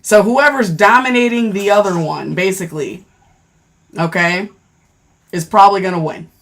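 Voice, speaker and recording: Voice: medium pitch, normal speed, fairly bright tone. A live stream host running a contest, easygoing, checking in with "all right" and "okay".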